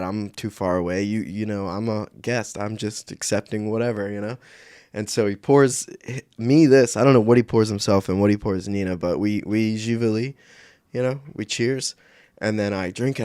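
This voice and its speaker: Low-voiced man telling a rambling story. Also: a little mellow, no room sound, studio quality. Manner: rambling, conversational, many fillers. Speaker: channel host. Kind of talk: casual storytelling.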